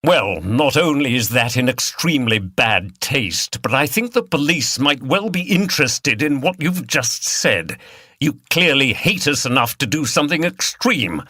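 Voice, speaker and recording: A man's voice: mid-range voice, very animated, measured pace, pushed and bright, no room sound, studio quality, voice pushed up, full character voice. A man playing a haughty shooter who speaks with withering contempt. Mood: contemptuous.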